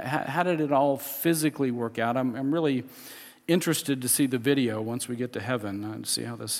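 In a large hall, a pastor with a medium-pitched voice preaches a conversational sermon. He explains scripture, often restarting his thoughts and chuckling.

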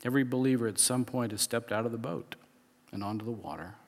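A man's voice: mid-range voice, fast, long reverb tail. A man preaching a sermon in a conversational way, often restarting and chuckling as he explains scripture. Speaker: pastor.

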